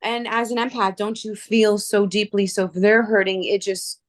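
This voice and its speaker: A Canadian woman hosting a casual chat tells personal stories in an animated way, acting out the voices of people she quotes. She speaks at normal speed in a medium-pitched voice, in dry, studio-quality sound.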